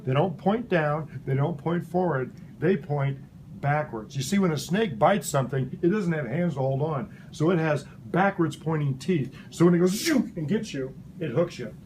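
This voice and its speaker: A man teaching a lively, playful science lesson to a class of children, asking them questions as he goes. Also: a little high, moderate pace, a little hiss or hum. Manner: animated, playful, asks kids questions. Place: elementary school classroom.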